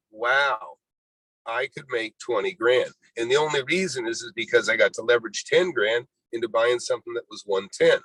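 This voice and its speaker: A man's voice: mid-range voice, fairly bright tone, breathy edge, no room sound, rough recording. A man in his sixties, a real estate investor guest, telling his life story in a rambling way, often saying "you know" and acting out what people said. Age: 60s. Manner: rambling, full of "you know", acts out quoted dialogue. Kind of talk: storytelling interview.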